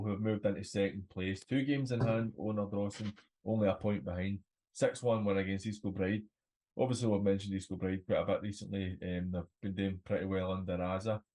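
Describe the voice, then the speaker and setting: Low-voiced Scottish host running through results. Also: male voice, normal speed, low-quality recording. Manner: relaxed, runs through results with fillers. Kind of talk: football results round-up.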